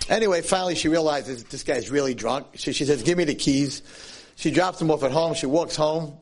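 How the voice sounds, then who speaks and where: A man giving a sermon as a Jewish lecturer, telling a story with animated, swinging delivery. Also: on the high side, brisk, husky.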